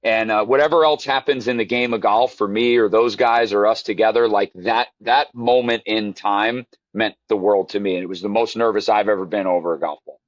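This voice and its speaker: A man's voice: on the low side, fairly even intonation, fairly quick, few pauses, no room sound. A man, a golf instructor, telling a heartfelt story in casual interview chat with many restarts. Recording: dull lo-fi dry sound.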